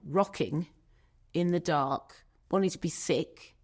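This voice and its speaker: A woman telling a painful personal story as an interview guest, emotional and searching, with pauses. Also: on the low side.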